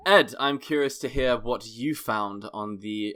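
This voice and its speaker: Young british guy cohosting a comedy podcast, bright voice, jokey and quick. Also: mid-range voice. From Britain. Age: young adult. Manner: playful, reads reviews aloud, quick asides. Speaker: podcast co-host. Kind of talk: casual comedic chat.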